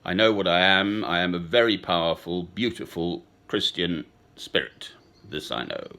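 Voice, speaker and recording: A man in his sixties talking in a slow, sentimental, rambling personal monologue with chuckles. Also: deep voice, expressive, bright, forceful tone. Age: 60s. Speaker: speaker addressing a woman.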